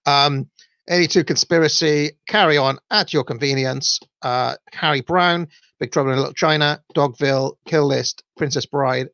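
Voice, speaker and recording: Gravelly Welsh man, rambling solo talk. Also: a little high, moderate pace, fairly bright tone, dry recording, highs cut off. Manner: rambling, filler-heavy, self-deprecating. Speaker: podcast host. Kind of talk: casual solo livestream talk.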